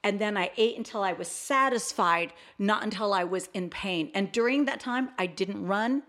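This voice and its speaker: An older woman co-hosting a Christian talk show, sharing a personal testimony as an animated storyteller who acts out the dialogue she quotes. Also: medium pitch, moderate pace.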